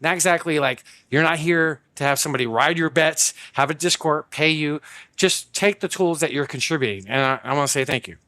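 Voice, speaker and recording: Bright-voiced man, dry close sound. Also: fairly high pitch, no room sound. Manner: earnest, halting thanks. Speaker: podcast host. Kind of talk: casual podcast chat.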